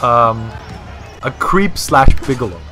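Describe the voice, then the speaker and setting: A man's voice: medium pitch, very animated, slow, music in the background. A man casually commentating a video game, talking in a rambling, crude, profane way. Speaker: gameplay commentator.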